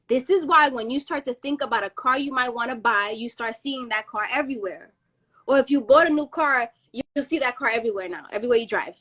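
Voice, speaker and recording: A woman's voice: on the high side, fairly quick. A woman in her thirties hosting a podcast, telling a story in casual chat with slang and swearing, acting out what people said. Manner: animated, acts out quotes with slang and swearing. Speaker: podcast host.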